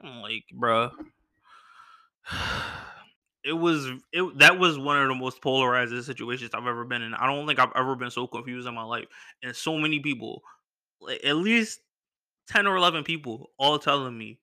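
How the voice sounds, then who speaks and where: A young man from Philadelphia telling a personal story in a casual, animated way and acting out the people he quotes. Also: mid-range voice, moderate pace, pauses often. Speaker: podcast host.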